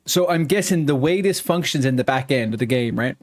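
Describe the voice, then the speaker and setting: A man's voice: mid-range voice, lively intonation, brisk. Man muttering live game commentary. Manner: mutters to himself, swears when frustrated. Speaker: streamer.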